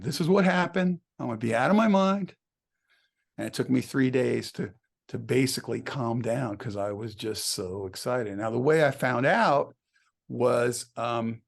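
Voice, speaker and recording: A man's voice: medium pitch, vocal fry. A man, a songwriter guest in an interview, telling anecdotes casually, laughing often and acting out the dialogue he quotes.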